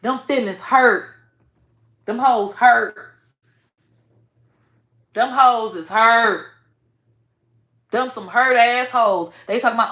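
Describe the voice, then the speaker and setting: A woman giving blunt, profane commentary with sudden loud outbursts. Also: a little high, slow pace, long pauses, echoey room. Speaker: online commentator. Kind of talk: casual commentary.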